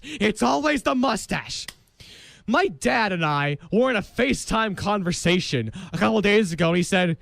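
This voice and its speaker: Excitable young man, high gravelly voice. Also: unhurried, no echo. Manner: excitable, dramatic, bursts into shouting. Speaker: college radio host. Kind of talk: comedic radio monologue. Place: radio studio.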